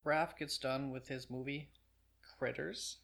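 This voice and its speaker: A man's voice: mid-range voice, fairly even intonation, takes it slowly, vocal fry, a bit bright. A man narrating a casual film review with chatty, offhand asides.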